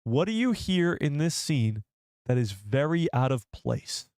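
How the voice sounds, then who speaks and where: A man hosting a live stream, chatting casually with his audience in an excitable, rambling way. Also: mid-range voice, measured pace, no echo, clean studio sound. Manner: excitable, rambling, talks to the chat.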